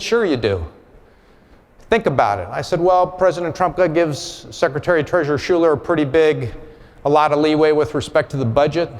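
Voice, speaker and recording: A man giving a conference keynote, telling a personal story in a candid, blunt way. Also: fairly high pitch. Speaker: conference speaker. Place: large conference hall. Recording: long hall reverb.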